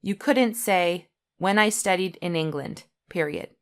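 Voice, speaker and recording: A woman teaching an English punctuation lesson, reading example sentences aloud in a deliberate way and saying each comma out loud. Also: lowish voice.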